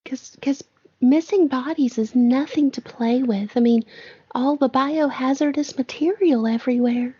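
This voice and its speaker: A woman's voice: high-pitched, measured pace, mellow, slightly rough, no echo. A woman playing a tabletop horror game in character, prim and composed. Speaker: player. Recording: dry, slightly muffled audio.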